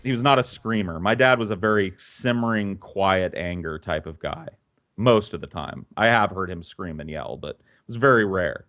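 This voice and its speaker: A man's voice: deep voice, lively intonation, normal speed, a bit bright. A man telling a childhood story in a casual, conversational way, swearing freely and animating the tale.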